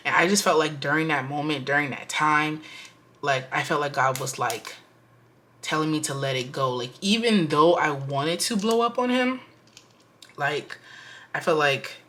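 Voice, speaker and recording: A woman's voice: deep voice, fairly bright tone. A woman vlogger telling a rambling, casual storytime while budgeting, full of filler words. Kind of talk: chatty storytime vlog. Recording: music playing behind.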